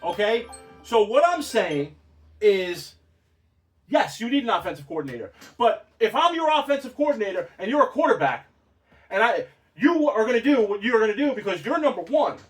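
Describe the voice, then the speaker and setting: A man with a very high, animated voice argues football bluntly and with sarcasm. He sits a little away from the microphone, which gives the sound some distance. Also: moderate pace, soft background music. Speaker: sports talk co-host. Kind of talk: heated sports debate.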